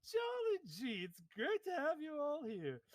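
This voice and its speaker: A jolly male octopus clown with a put-on Southern drawl, played by a man. He leaps up into high, swooping, sing-song tones and cackles. The recording is close and dry. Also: wildly swooping pitch, a little slow, dry recording, full character voice.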